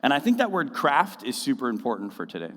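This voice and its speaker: Male pastor, casual joking sermon, mid pitch, long church-hall reverb. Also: quick pace. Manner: casual, joking, animated with mocking voices. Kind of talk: conversational sermon. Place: church auditorium.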